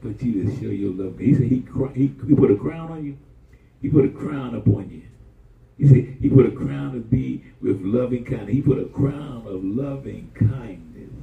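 A man preaching a lively sermon in a church, telling personal stories in a folksy, colloquial way and drawing call-and-response from the congregation. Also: medium pitch, moderate pace, vocal fry. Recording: dull, distant, roomy church recording.

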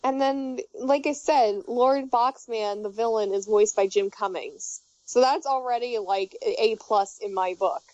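A woman's voice: fairly high pitch, measured pace, hardly any pauses, darkish tone, dry recording. A young woman chatting casually, telling rambling, giggly stories full of fillers and restarts. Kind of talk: casual chat. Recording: dull muffled audio.

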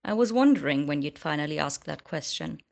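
A woman's voice: sits low, animated, fairly quick, creaky, a little mellow. A woman reading the lines of a cool, sardonic young male wizard in an audiobook. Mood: smug.

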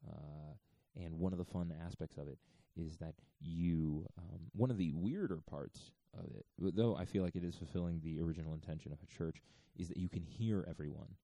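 Deep-voiced man in a hushed, rambling monologue. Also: fairly quick, vocal fry, hardly any pauses, no room sound. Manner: hushed, half-whispering; profane, digressive, chuckling. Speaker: podcast host. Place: renovated church getaway, indoors.

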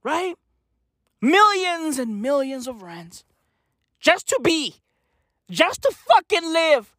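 A South African woman rants in a quick comic vlog voice, cursing freely and calling out to "bruh" and "fam". Her voice sits high and swings widely up and down. The sound is dry with no room echo. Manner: animated, swears constantly, slangy with "bruh" and "fam". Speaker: vlogger. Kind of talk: profane comic rant.

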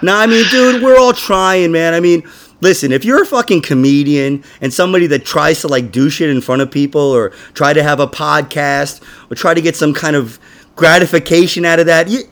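A man's voice: fairly high pitch, a little fast, fairly bright tone. A man hosting a comedy podcast, joking crudely, swearing freely and laughing often.

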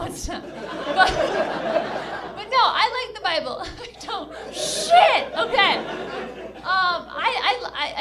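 A high-pitched woman delivers a stand-up set in an unhurried way, her voice leaping up and down as she giggles at her own deadpan jokes. A loud crowd and a noisy club room sit behind her. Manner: deadpan one-liners with giggles, silly voices for characters. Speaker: stand-up comedian. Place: comedy club with a live audience. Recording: loud audience and room noise.

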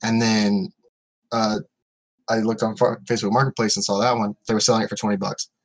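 A man's voice: fairly low pitch, little pitch movement, fairly quick. A man co-hosting a casual podcast from home, rambling through stories with restarts and laughs. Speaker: podcast co-host. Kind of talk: casual chat.

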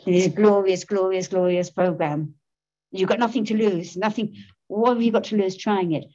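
A middle-aged woman shares her recovery story in a candid, self-mocking way, laughing often. Her voice sits at an ordinary pitch. The recording is slightly muffled and lo-fi. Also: fairly even intonation, normal speed, warm tone. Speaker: speaker sharing recovery story. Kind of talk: personal testimony talk.

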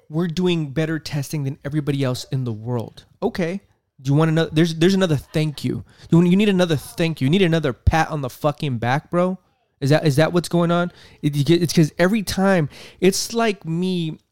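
A man's voice: fairly high pitch, a little mellow, dry recording. A man hosting a podcast, ranting with profanity and exasperation and repeating himself as he comments on a press briefing. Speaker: podcast host.

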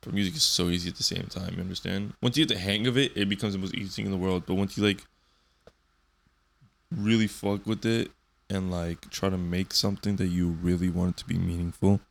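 Young dude rambling on his own podcast, low gravelly voice, swears a bunch. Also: steady tone, a little fast. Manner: rambling, loose, swears a lot. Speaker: podcast host. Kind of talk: solo casual podcast.

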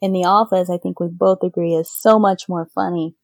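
A woman's voice: on the low side, fairly even intonation, brisk, vocal fry, dry recording. Talkative, teasing woman guest, dry and close. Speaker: podcast guest. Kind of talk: casual podcast chat.

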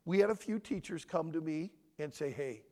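A middle-aged man speaking at a family conference in a preaching style. He is emotional and swings between loud emphasis and hushed, near-whispered lines. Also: on the high side, fairly quick, long reverb tail.

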